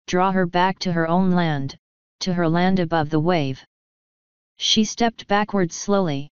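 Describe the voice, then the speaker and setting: A woman reading an audiobook in an even, measured storytelling way, in a dull lo-fi recording. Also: lowish voice, smooth, dry recording. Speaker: audiobook narrator. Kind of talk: audiobook narration.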